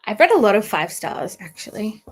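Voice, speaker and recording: A woman's voice: medium pitch, very animated, normal speed, slightly rough. Young woman, host of a book stream, loose rambling chat with fillers and little laughs. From Australia. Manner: rambling, chatty, with many fillers and soft laughs. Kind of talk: casual livestream chat.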